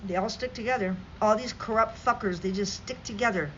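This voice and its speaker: A woman's voice: mid-range voice, a little fast, a little hiss or hum. A woman vlogger reading news stories aloud and ranting about them in an angry, sarcastic, profane way, on dull lo-fi audio. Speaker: political commentary vlogger.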